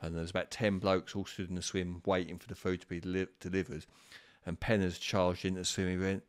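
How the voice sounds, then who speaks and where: A deep-voiced man talks through carp fishing tactics in a loose, chatty way. He wanders through his answers, pausing on ums and restarting sentences. The sound is dry and close, with no room echo. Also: level tone, clean tone. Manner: rambling, with frequent ums and restarts. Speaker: carp fishing expert answering viewer questions. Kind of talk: casual live-stream chat.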